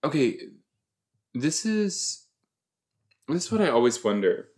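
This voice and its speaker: A man's voice: a little high, big pitch swings, takes it slowly, darkish tone. A man from the Los Angeles area hosting a podcast, giving rambling, self-mocking reaction commentary and giggling often. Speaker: podcast host.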